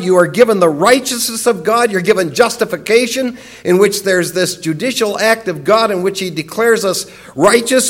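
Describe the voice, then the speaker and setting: A man with a high voice preaching a sermon. He teaches earnestly, leaning on key words and repeating phrases to drive each point home. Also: a bit bright. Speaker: pastor.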